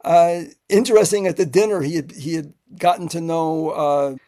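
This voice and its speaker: Gravelly, halting screenwriter telling stories. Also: male voice, on the high side, fairly even intonation, mellow. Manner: halting with fillers, acts out quotes. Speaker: screenwriter guest. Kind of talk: anecdotal interview storytelling.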